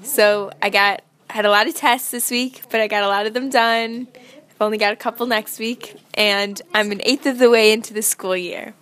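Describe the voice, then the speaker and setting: A woman leading a weekly group chat, upbeat and brisk as she shares her week. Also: medium pitch, fairly even intonation, fairly bright tone. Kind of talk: casual chat.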